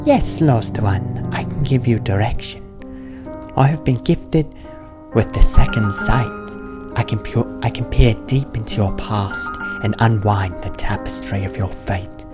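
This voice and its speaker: A man voicing a mysterious fortune teller with second sight, speaking slowly in a hushed, ominous way. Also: fairly low pitch, voice pushed up, close to an everyday voice. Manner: slow, hushed, ominous delivery. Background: game music.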